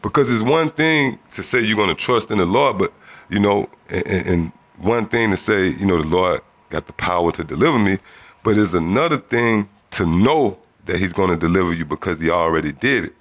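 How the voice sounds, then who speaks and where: A man's voice: lowish voice, moderate pace, a bit bright. A man telling a religious testimony in a casual storytelling way, acting out the voices of other people. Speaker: testimony speaker.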